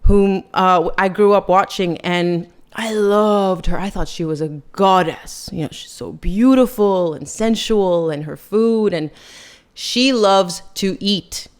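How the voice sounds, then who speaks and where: A woman's voice: mid-range voice, takes it slowly, clear, resonant tone. A woman hosting a podcast, giving chatty, sarcastic and critical commentary. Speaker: podcast host. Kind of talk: casual opinion commentary.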